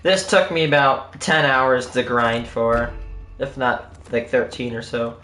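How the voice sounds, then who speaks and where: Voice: mid-range voice, unhurried, sharp tone, reverberant, faint music behind. A live streamer chatting casually to viewers while opening loot, in a hyped game-show-host manner.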